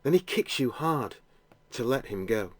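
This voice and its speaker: A man narrating a guided imaginative prayer, telling the scene gently in the second person. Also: medium pitch, big pitch swings, unhurried.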